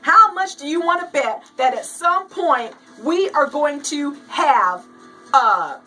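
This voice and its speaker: A woman's voice: high voice, sharp tone, distant mic, poor audio. A woman hosting a casual show, chatting and reading a joke aloud, laughing often and acting out the voices as she reads. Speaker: host.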